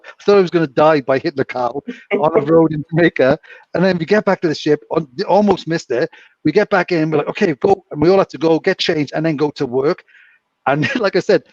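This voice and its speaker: A man's voice: fairly high pitch, a little mellow, no room sound. A British man co-hosting a casual chat, telling rambling stories with frequent laughs. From Britain. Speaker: co-host. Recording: distant muffled mic.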